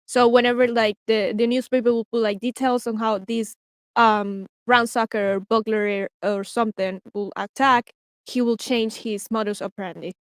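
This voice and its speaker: Halting woman co-host, dry sound. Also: fairly high pitch, steady tone, clean tone, no echo. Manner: halting, many "like" fillers. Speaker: podcast co-host. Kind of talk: casual podcast discussion.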